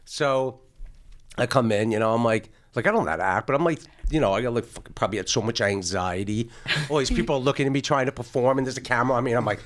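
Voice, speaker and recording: A middle-aged man hosting a podcast, telling a story in a casual, animated way. He swears freely and acts out the voices of the people in it. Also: medium pitch, quick pace. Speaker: podcast host.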